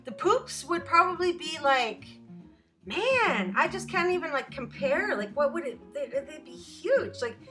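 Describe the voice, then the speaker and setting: A young woman talks casually to her live stream viewers from home, rambling from one thing to the next and giggling often. Her voice is high and bright, with a light tune playing faintly behind her. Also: big pitch swings, measured pace, faint music behind.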